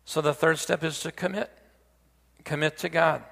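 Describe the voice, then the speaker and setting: A male preacher with a somewhat high, bright, gravelly voice delivers a folksy sermon full of asides. He backs up and restarts phrases as he goes. His voice rings out with a long reverb through a church sanctuary. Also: fairly even intonation, normal speed. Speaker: pastor.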